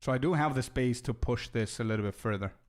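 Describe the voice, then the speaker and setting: A man's voice: mid-range voice, a little mellow. Young guy streamer just chatting, medium voice, laughs a lot, keeps restarting, says bro and dude constantly. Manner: laughs often, halting restarts, calls people bro and dude. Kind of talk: casual livestream chat, thanking donors.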